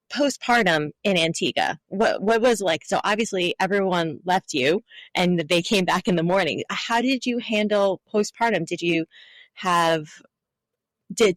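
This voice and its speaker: A woman's voice: fairly low pitch, dry recording. A woman hosting a podcast, asking conversational questions and rephrasing them as she goes. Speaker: podcast host. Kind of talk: casual interview questions.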